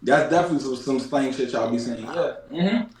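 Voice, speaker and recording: A man's voice: mid-range voice, fairly quick, darkish tone, reverberant. A man with a Philadelphia accent hosting a casual chat, slangy and emphatic, repeating his points. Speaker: podcast host.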